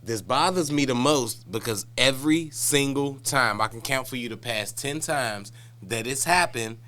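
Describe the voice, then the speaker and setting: A man with a smooth, resonant and bright voice tells stories on a casual podcast. He lays out his complaints in long, detailed rants, with an easy storyteller's pace. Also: mid-range voice, measured pace. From Wisconsin, US. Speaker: podcast co-host. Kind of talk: casual comedic podcast chat.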